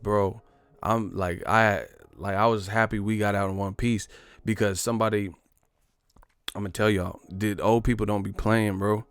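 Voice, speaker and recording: A man's voice: lowish voice, steady tone, moderate pace, smooth, no echo. A man telling a profane, rambling comic story in casual slang. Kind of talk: casual comedic storytelling monologue.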